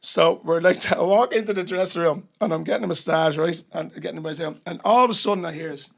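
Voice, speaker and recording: Gravelly Irishman telling a story. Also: fairly high pitch, fast talker, few pauses. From Ireland. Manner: lively storyteller, acts out others' voices, swears freely. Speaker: podcast guest. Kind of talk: storytelling in casual chat.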